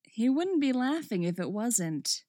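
A woman's voice: fairly high pitch, very animated, a little slow, mellow, no room sound, clean studio sound. A woman voicing an offbeat, unflappable young woman thief who talks casually in a read-aloud story. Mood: unfazed.

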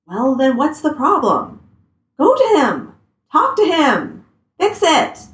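Woman reading as a blunt, nosy coworker in a storybook; lively pitch, roomy echo. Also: moderate pace, close to an everyday voice. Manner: blunt, teasing.

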